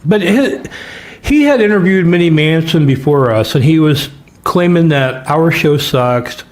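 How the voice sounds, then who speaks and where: Brief: male stream host, slightly high voice, snarky and crude running commentary. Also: lively intonation, measured pace. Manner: mocking, profane, sarcastic. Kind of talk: livestream commentary.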